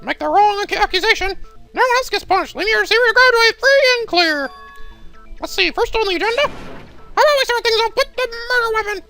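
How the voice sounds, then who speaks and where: Super high squeaky robot bear boss, teasing and singsongy, bright tinny tone, faint music behind. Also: male voice, expressive, fairly quick, full character voice. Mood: teasing, gleeful. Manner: sing-song, teasing and cheery. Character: gleeful mischievous male robot bear headmaster. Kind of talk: video game voice-over reading.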